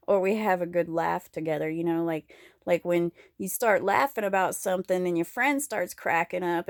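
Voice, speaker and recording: Creaky-voiced woman rambling candidly. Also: medium pitch, no echo, studio quality. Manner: candid, profane, laughs often. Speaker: vlogger. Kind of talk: casual rambling monologue.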